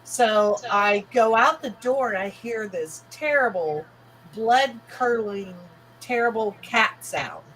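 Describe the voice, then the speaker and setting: A woman, co-hosting a casual chat and telling a lively story, acting out the voices she quotes. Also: a little high, takes it slowly, slight background noise, low-quality recording. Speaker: podcast co-host.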